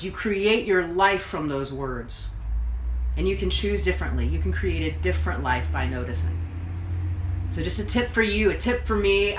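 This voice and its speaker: A woman with a fairly low voice talks straight to her viewers, earnest and reflective, like a coach. The room around her rings a little, with a faint hum of noise underneath. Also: a bit bright, reverberant, rough recording. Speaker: host, coach. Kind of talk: motivational talk to camera. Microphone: livestreamed to social media.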